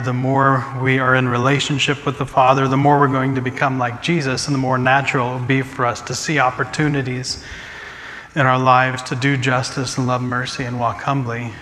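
Earnest pastor in a reverberant church. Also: male voice, medium pitch, sharp tone, slight background noise. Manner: earnest, repeats and restarts phrases. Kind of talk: sermon with congregation Q&A. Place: church sanctuary. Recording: long church hall reverb, faint ambience.

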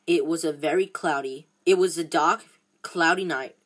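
Woman reading a novel aloud, halting. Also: low voice. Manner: halting, frequent restarts and fillers. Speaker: storybook reader.

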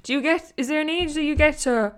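A young Irish woman in her twenties chats loosely and casually, rambling along and filling her sentences with "like". She breaks into short laughs often as she goes. Her voice is high-pitched and a little fast.

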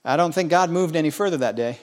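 A fast-talking pastor in his forties, his voice a little high, preaches with folksy jokes for the congregation. He moves back and forth between booming exclamations and soft asides.

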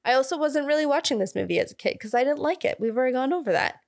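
A woman's voice: high voice, lively intonation, very fast, creaky, no echo. Young woman podcast cohost, chatty, laughs a lot, dry close mic. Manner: chatty, laughs often, recaps plot with asides. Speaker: podcast co-host. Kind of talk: casual chat recapping a film.

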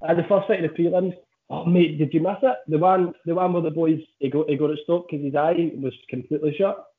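Guy swearing and teasing, kinda high voice, sounds like a phone line. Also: steady tone, fairly quick. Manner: sweary, teasing, laughing banter. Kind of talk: casual chat.

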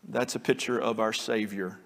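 A man's voice: lowish voice, fairly even intonation, moderate pace, gravelly, fairly bright tone, in a large hall. A male pastor preaching an earnest sermon, now and then acting out the pleading lines of the story. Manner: earnest preaching, acts out quoted pleas.

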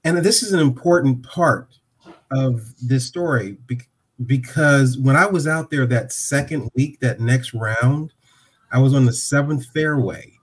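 A man in his sixties from Ohio, a podcast guest telling a story and acting out the dialogue with lively voices. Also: mid-range voice, breathy edge. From Dayton, Ohio.

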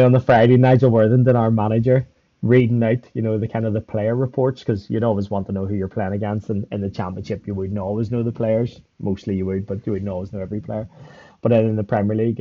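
Animated Belfast man telling stories. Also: fairly low pitch, husky, highs cut off. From Northern Ireland. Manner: animated storyteller, laughs often, acts out quotes. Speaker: guest, former footballer. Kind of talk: storytelling in a podcast interview.

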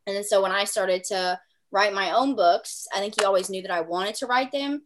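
A woman hosting a podcast in casual chat, talkative and quick to laugh, with lots of filler words. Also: medium pitch, slight background noise. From small town. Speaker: podcast host.

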